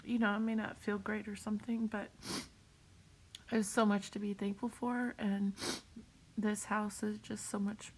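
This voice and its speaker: A woman talking on a live video while crying, in a halting way, repeating herself and laughing through her tears. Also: mid-range voice, level tone, breathy edge. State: tearful, crying. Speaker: vlogger sharing a cancer update. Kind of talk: emotional live video talk.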